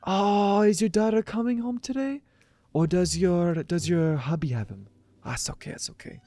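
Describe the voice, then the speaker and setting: A man doing a chirpy high-voiced wife. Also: moderate pace, warm tone, no echo. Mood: sweet. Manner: sing-song, high falsetto. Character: chirpy woman, a wife and mother.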